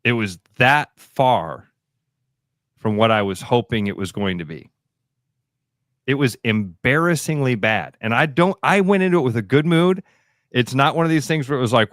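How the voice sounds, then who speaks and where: A man's voice: medium pitch, normal speed, a bit bright, dry recording, clean studio sound. A middle-aged man with a Midwestern American accent, co-hosting a radio show and telling a story in a chatty, easygoing way. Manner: chatty, storytelling, laughs easily. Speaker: radio co-host. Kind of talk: casual radio chat. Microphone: studio microphone.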